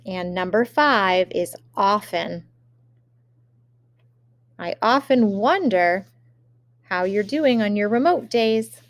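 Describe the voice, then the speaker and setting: A woman teacher giving a remote spelling lesson, dictating words slowly and carefully with example sentences. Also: mid-range voice, lively intonation, no room sound, clean studio sound.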